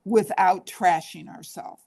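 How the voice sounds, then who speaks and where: This guest therapist has a lowish, gravelly, husky voice with a touch of mellowness, and she speaks slowly. During the interview she coaches earnestly, regularly performing the inner voices of her clients.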